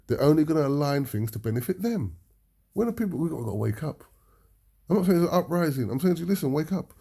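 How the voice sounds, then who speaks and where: A British man speaks as a preacher, his voice gravelly and dark in tone. He drives his points home emphatically and often tags them with a questioning "yeah?". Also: on the high side, big pitch swings, quick pace. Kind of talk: impassioned talk to an audience.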